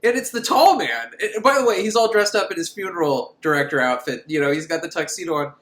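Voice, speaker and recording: A man's voice: high-pitched, lively intonation, fast, fairly bright tone. A man giving a rambling, comic movie recap, laughing often as he goes. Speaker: film reviewer. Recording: roomy room echo.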